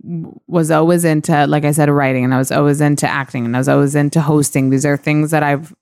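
A woman's voice: sits low, fairly even intonation, fast, a little mellow, smooth, dry recording, studio quality. A woman hosting a podcast, chatting casually and candidly with lots of fillers. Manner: rambling, filler-heavy, candid. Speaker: podcast host.

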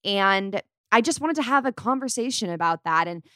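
A woman's voice: medium pitch, expressive, normal speed, pushed and bright, smooth, dry recording. Young woman hosting a podcast, chatty and bubbly with a valley girl lilt, dry close mic. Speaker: podcast host. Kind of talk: casual podcast chat.

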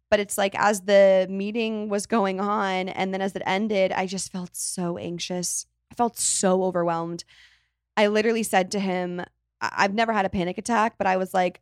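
A woman's voice: medium pitch, dry recording, clean studio sound. A young woman in her twenties hosting a casual solo podcast, chatty and rambling, often correcting herself mid-sentence. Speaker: podcast host.

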